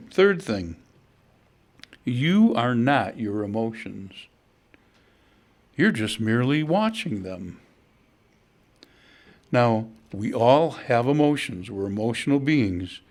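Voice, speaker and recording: A man's voice: mid-range voice, sing-song, slow pace, pauses often, darkish tone. Middle-aged guy preaching, easygoing storyteller, plain mid voice. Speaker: pastor. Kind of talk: sermon.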